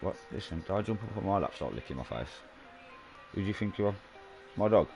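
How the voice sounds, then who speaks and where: Low-voiced streamer, lively. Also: male voice, a little fast, vocal fry, faint music behind. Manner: swearing, rambling storytelling. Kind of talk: casual chat while gaming.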